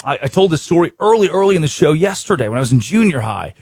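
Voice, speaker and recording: A man delivers excitable sports commentary, his pitch leaping all over as he restarts sentences in bursts. His voice is slightly husky and a touch high, recorded close and dry. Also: fast, no room sound. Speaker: sports show host.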